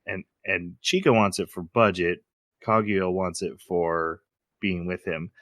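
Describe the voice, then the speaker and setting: A man with a slightly low voice co-hosts a casual podcast, recapping scenes with lively storytelling and frequent chuckles. The sound is dry and close, with no room around it. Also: unhurried, no echo. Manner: animated storytelling, laughs often while retelling scenes. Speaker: podcast co-host. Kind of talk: casual chat recapping an anime episode.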